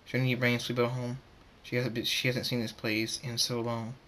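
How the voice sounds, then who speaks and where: A man voicing a calm, protective male pony king who speaks quietly and steadily. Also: medium pitch, normal speed, slight background noise, natural voice.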